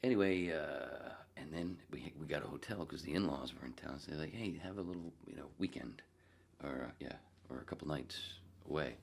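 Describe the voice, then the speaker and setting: A middle-aged man hosts a solo podcast, rambling through self-mocking stories in casual chat and reading from a live chat. His voice is extremely low, husky and full of vocal fry, and he talks a little fast. He slips into whispers and laughter now and then.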